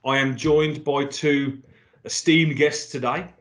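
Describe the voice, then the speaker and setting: A man's voice: mid-range voice, fairly even intonation, slow, fairly bright tone. A man hosting a casual podcast, chatty and jokey, often restarting his phrases. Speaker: podcast host.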